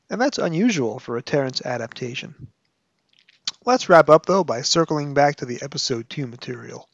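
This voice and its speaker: A man's voice: mid-range voice, no echo, lo-fi sound. Wry podcast man reading a book. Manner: analytical, wry. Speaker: podcast host. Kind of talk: book review with read-aloud excerpts.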